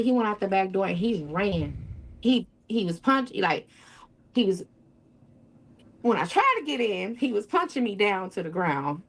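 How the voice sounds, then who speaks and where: A woman telling her own story as an interview guest, often quoting others and swinging her voice up and down. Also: medium pitch. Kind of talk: emotional first-person account.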